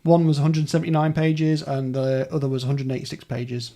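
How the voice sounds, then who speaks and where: Chatty podcast host, slightly high. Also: male voice, monotone, brisk, mellow. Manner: chatty, rambling through publishing details. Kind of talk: casual book-club chat.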